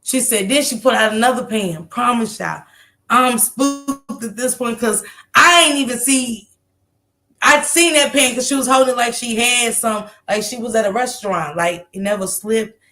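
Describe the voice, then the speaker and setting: A woman in her thirties telling a story in casual chat, animated and profane, laughing often and acting out the people she quotes. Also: on the high side, normal speed, soft background music. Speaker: storyteller recounting a street encounter.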